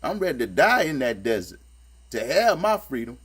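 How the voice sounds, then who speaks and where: A man's voice: very animated, normal speed, a bit bright, slightly rough. A man giving casual spoken commentary as he reads and critiques scripture, talking in a streetwise, sarcastic, emphatic way and repeating his points. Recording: low electrical hum behind the voice.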